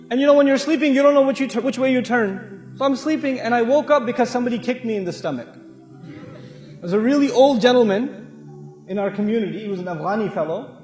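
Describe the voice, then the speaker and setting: High-pitched animated male preacher. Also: reverberant, in a large hall. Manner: animated storytelling with humor, shifting between loud and soft. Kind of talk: lively religious talk.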